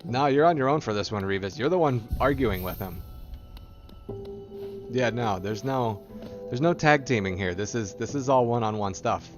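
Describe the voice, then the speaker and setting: Man, game streamer, live stream chat, teasing, laughing often, mid pitch, game music behind. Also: lively intonation, normal speed. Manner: relays companion's replies aloud.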